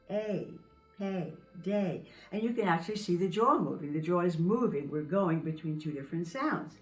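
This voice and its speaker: A woman with a lowish voice gives a pronunciation lesson, stretching out her demonstration sounds slowly and clearly. Her voice rings in a roomy, echoing space. Faint music sits underneath. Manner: slows down to model vowel sounds carefully. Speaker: French pronunciation teacher. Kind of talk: video lesson.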